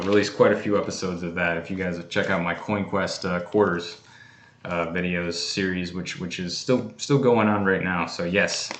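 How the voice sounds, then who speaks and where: A man's voice: low-pitched, a bit bright, echoey room. A man hosting a casual livestream, chatting easily while he opens fan mail, with many fillers and restarts. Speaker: coin collecting channel host.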